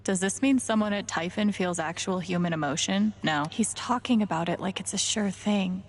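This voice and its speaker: A woman's voice: mid-range voice, moderate pace, few pauses, a little hiss or hum. A woman streaming a game and making dry, sardonic comments. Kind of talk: casual live commentary while playing.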